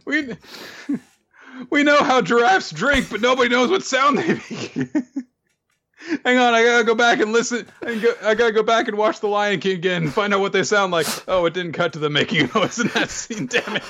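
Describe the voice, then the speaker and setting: A man's voice: sits high, moderate pace, pushed and bright, highs cut off. A man co-hosting a casual chat recap, joking and laughing often as he acts out quotes. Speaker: podcast co-host.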